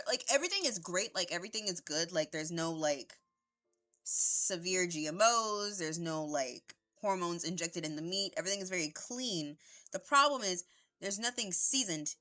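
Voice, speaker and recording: A woman's voice: on the low side, sharp tone. A young woman at home giving casual, rambling gameplay commentary on a headset mic, swearing freely. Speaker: streamer.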